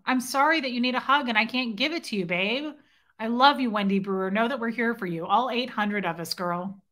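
A young woman hosts a casual livestream, talking straight to her viewers and reading their comments aloud. Her voice sits a little high and sounds very bright. She stays playful and self-mocking, and now and then she slips into a snatch of song. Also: fairly quick. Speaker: livestream host.

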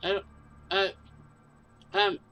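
A woman's voice: takes it slowly, far from the mic, dull audio, soft background music. A woman playing a video game, chattering playfully in character as a mother animal and using doting baby talk with her young.

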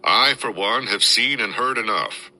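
A man voicing an indignant male army officer yelling accusations. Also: on the low side, measured pace, pitched above the performer's own voice, full character voice, rough recording.

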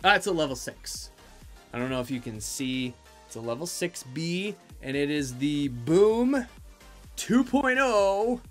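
A woman hosting her own channel, opening fan mail and artwork from viewers, bubbly and quick to exclaim, her voice leaping up in pitch when she is surprised. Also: big pitch swings, soft background music. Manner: bubbly, exclaims often, jumps high in pitch. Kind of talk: excited casual vlog.

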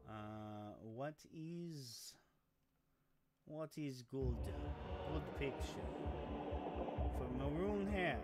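A man's voice: mid-range voice, expressive, drawn-out words, long pauses, very noisy. A man hosting a let's play in casual game commentary, sarcastic and exclaiming, swearing freely, recorded at home on a rolling chair.

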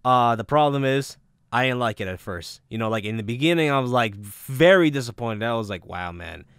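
A man's voice: medium pitch, fairly quick, fairly bright tone, clear, resonant tone, dry recording, studio quality. A man casually reviewing a product, rambling with many fillers and restarts.

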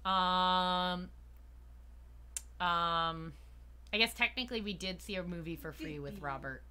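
A woman's voice: on the low side, takes it slowly, bright, forceful tone, smooth. A woman streamer reading a dating game's narration aloud in a playful, jokey way, mixing in her own remarks. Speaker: game streamer.

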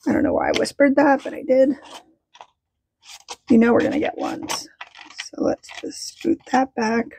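A woman budgeting vlogger chatting casually as she counts cash, bubbly and excitable, talking to herself as she goes. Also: high-pitched, moderate pace, vocal fry, a little hiss or hum. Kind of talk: casual vlog chat while counting cash.

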